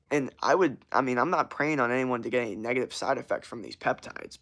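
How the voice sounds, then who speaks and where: A man's voice: mid-range voice, a bit bright. Young male streamer; casual, rambling, swears a lot, slangy. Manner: rambling, profane, slangy, laughs often. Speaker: streamer answering chat. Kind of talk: casual livestream chat.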